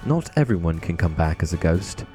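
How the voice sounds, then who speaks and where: A man voicing a mournful, resigned old male ghost who speaks quietly. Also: deep voice, big pitch swings, normal speed, soft background music.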